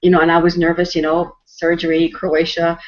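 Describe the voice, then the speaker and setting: A woman's voice: lowish voice, completely flat delivery, a little fast. A woman from Canada, host and storyteller, telling a personal story in an earnest, emotional way with frequent restarts. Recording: dull lo-fi audio.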